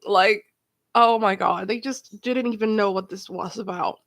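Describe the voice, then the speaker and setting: A woman's voice: mid-range voice, unhurried, a bit bright, a little hiss or hum. A woman giving casual reaction commentary, emphatic and indignant as she talks over a show she is watching.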